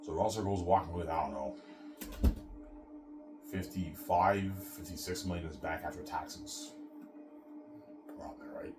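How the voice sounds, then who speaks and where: A man's voice: low voice, unhurried, pauses often, music in the background. A man talking casually in a rambling solo vlog monologue, swearing and repeating himself. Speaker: vlogger.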